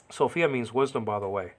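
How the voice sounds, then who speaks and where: A man's voice: medium pitch, slightly rough. A man giving an informal language lesson, repeating words to correct pronunciation and often checking understanding with "okay". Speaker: teacher.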